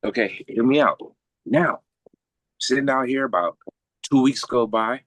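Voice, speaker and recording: A man's voice: mid-range voice, unhurried, a bit bright, no echo. A man telling a personal story as a podcast guest in casual, blunt, profane street slang. He keeps checking in with "right?".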